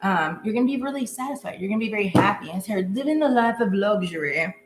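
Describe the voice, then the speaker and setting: A woman's voice: medium pitch, animated, quick pace. A woman giving a casual live tarot reading, chatty and goofy, laughing often. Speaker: tarot reader. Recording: echoey room with faint hum.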